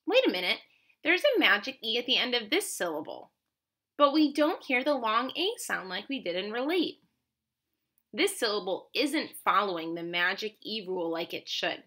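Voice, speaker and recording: A woman leads a children's phonics lesson at an unhurried pace, sounding out each word with care. Her voice is bright and clear, with a patient, encouraging teacher's delivery. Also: fairly high pitch. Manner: slow, clearly enunciated, encouraging teacher talk.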